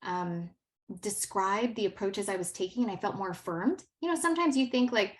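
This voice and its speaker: A woman's voice: medium pitch, expressive, moderate pace. A woman in her thirties, a teacher giving a workshop presentation, telling stories animatedly with frequent laughs and many ums. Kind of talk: presentation talk.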